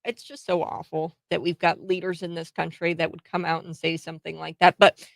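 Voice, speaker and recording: A woman's voice: on the low side, flat delivery, brisk, vocal fry, no echo. A woman from the United States hosting political commentary, talking in an emphatic, indignant way with frequent fillers and restarts. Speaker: host.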